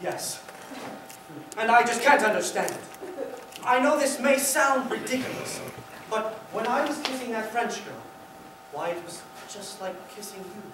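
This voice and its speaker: An earnest young groom pleads with a lively, swooping voice, played by a student on stage. He sounds distant in an echoing hall. Loud noise runs underneath. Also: mid-range voice, measured pace, pauses often, natural voice. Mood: bewildered. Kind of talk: stage musical acting. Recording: echoey auditorium, distant mic, very noisy.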